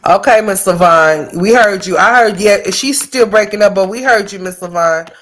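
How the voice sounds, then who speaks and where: A woman's voice: mid-range voice, moderate pace, fairly bright tone. Reassuring woman host. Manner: friendly, reassuring. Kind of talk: livestream call-in show.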